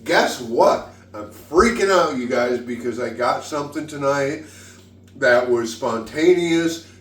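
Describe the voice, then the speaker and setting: Tipsy male vlog host, slow and rambling, giggly and foul-mouthed, recorded from a distance. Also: mid-range voice, expressive, roomy sound. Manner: rambling, giggly, swears freely. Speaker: home cook, vlog host. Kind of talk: casual tipsy cooking vlog. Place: home kitchen.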